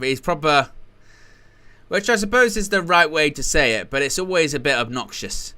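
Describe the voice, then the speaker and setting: A man's voice: fairly high pitch, big pitch swings, normal speed, pushed and bright. A man hosting a live football watchalong, commenting on the play in a casual, rambling way with jokey asides.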